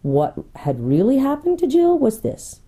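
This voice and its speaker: A woman pastor reading a children's book aloud with expressive storytelling. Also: high voice, a little slow, breathy edge.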